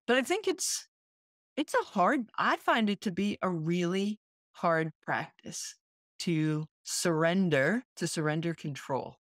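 A woman's voice: fairly low pitch, expressive, takes it slowly, dry recording, clean studio sound. A woman co-hosting a podcast in casual chat, speaking in a reflective, earnest way. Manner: reflective and earnest, with soft laughs. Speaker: podcast co-host.

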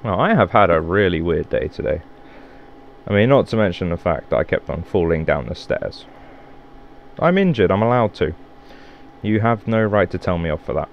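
Gamer guy, low voice, loose swearing commentary, faint hiss under a home mic. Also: expressive, moderate pace, creaky, pauses often, muffled recording. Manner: rambling, swearing, self-mocking. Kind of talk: let's play commentary.

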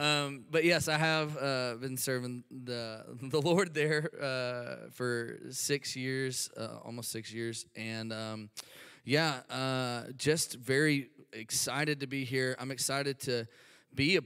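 A Southern American man from Alabama addresses a church congregation with eager, chatty energy, sprinkling his talk with fillers. His voice is bright and smooth, and a long hall reverb trails behind it. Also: medium pitch, fairly even intonation, takes it slowly. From Alabama, USA. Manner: eager, chatty, laughs often, many fillers. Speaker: guest speaker, missionary. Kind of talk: sermon introduction. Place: church sanctuary.

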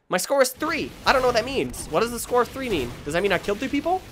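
A gaming channel host does excitable let's play commentary, breaking into yelps and shouts when frustrated and frequently poking fun at himself. His voice is extremely high, and he talks fast with barely any pauses.

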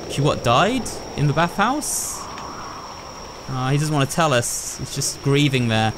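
Playing a horror game, a young male YouTuber muses to himself and addresses his audience. His pitch is medium and his intonation lively, though he talks a little slowly. Background noise and clear horror game sounds sit under his voice.

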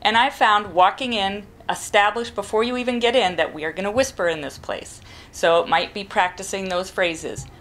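Middle-aged mom talking to camera, calm and practical, medium voice. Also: female voice, mid-range voice, normal speed. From New England. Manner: calm, practical, demonstrates whispering. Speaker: parent giving advice. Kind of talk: instructional talk to camera.

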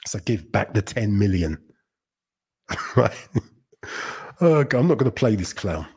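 A man's voice: fairly low pitch, big pitch swings, measured pace, darkish tone, breathy edge. A man hosting a livestream, giving blunt, rambling commentary on news articles, often correcting himself and laughing at what he reads. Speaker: livestream host.

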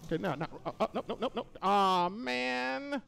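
A man's voice: sits high, expressive, moderate pace, gravelly, fairly bright tone, clean tone. A man streaming a shooter game, giving live commentary full of playful trash-talk and taunting one-liners at his enemies.

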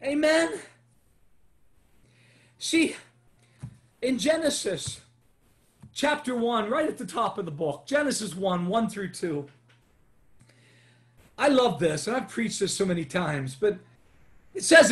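High-voiced impassioned male pastor. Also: sing-song, slow pace, long pauses. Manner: impassioned, acts out prayers and quotes, often raises voice. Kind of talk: sermon.

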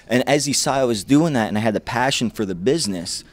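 Fast-talking man giving wrestling advice. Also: medium pitch. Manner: energetic, quotes mentors in lively voices. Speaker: guest wrestler. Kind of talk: interview, telling stories and advice.

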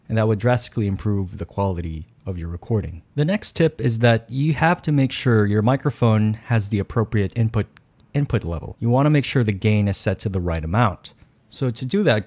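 A man giving a voice-over tutorial in a low, deliberate announcer style, recorded close on a condenser mic in a quiet room at home. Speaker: YouTube tech reviewer.

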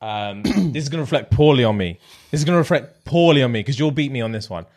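A man's voice: medium pitch, fast, a little mellow. A young man co-hosting a podcast, chatting casually with laughing, encouraging banter. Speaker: podcast co-host. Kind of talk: casual chat.

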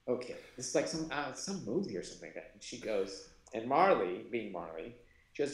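Middle aged guy telling funny work stories on a video call, jumps his voice around for the voices, roomy echo. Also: fast. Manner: animated anecdote-telling, acts out voices with big pitch jumps. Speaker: sign language interpreter and producer. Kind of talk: storytelling in a live interview.

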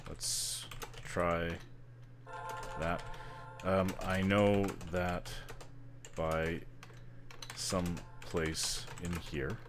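A man's voice: deep voice, steady tone, drawn-out words, pauses often, background noise. A Canadian man from British Columbia casually narrating his online game session, rambling and joking at himself as he stumbles over words. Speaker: gamer. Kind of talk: casual gameplay commentary.

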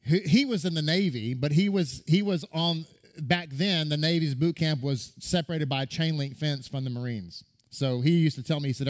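A male rabbi giving a sermon, telling stories in a lively, conversational way with frequent restarts. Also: fairly high pitch, moderate pace. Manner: animated storytelling with restarts and acted quotes.

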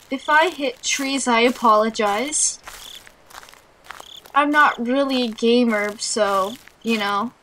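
A woman's voice: fairly high pitch, a bit bright, slight background noise, low-quality recording. A young woman giving horror game commentary as a let's play gamer, nervous and jumpy, talking to herself and shrieking at scares. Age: young adult.

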